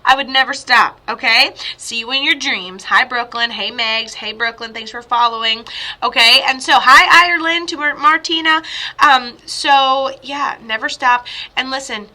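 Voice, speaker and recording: A woman working as a medium talks through a live-streamed reading, rambling and reassuring as she goes. Her voice sits a little high and sounds very bright. She speaks as if into a phone or webcam at home. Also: normal speed. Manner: chatty, rambling, soothing reassurance.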